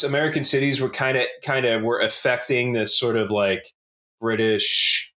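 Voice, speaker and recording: A man's voice: medium pitch, steady tone, moderate pace, pushed and bright. A man co-hosting a casual podcast, rambling and joking with lots of restarts and swearing. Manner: rambling, profane, many restarts and fillers, joking. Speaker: podcast co-host. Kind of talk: casual chat.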